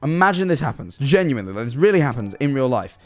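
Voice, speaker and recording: A man's voice: mid-range voice, very animated, quick pace, soft background music. A young man chatting on a live stream, rambling through absurd hypotheticals and answering his chat. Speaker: livestreamer.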